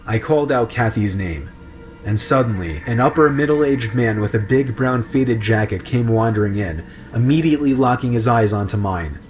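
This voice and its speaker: A man giving a scripted, steady narration of a creepy story. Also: mid-range voice, moderate pace, soft background music.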